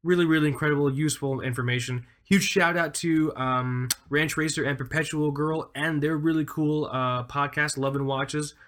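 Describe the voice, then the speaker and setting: A man's voice: on the high side, steady tone, normal speed, hardly any pauses, a bit bright. Rambling enthusiastic man in his thirties. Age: 30s. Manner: rambling, enthusiastic, many fillers. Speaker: podcast co-host. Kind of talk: casual podcast chat.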